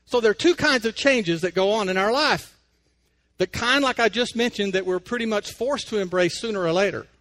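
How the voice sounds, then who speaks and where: A man with a notably high voice gives a folksy radio devotional. He tells a story, then talks plainly and personally, like a layman chatting with listeners. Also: fairly quick, a bit bright. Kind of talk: conversational devotional talk.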